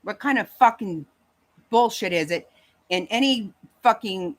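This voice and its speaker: A woman's voice: medium pitch, expressive, measured pace. A woman hosting a livestream, ranting bluntly and heatedly with lots of swearing. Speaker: livestream host. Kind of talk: angry casual rant to chat.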